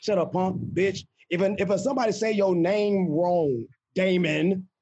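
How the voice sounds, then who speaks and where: A man hosting a podcast argues his point emphatically, using plenty of profanity in casual chat. His voice is high, a little mellow, and slightly rough at normal speed, heard through a muffled lo-fi recording.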